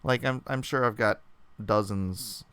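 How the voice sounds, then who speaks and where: A man's voice: on the low side, measured pace, bright, forceful tone, clear, resonant tone, dry recording. A man in his forties co-hosting a casual livestream, chatty and rambling, laughing often. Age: 40s. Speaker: co-host.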